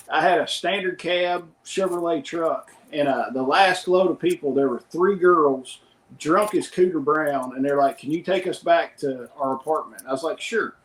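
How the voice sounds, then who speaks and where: A man's voice: on the high side, reverberant, poor audio. A middle-aged man co-hosting a podcast, telling rambling anecdotes in casual chat and quoting others in his plain voice. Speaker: podcast co-host.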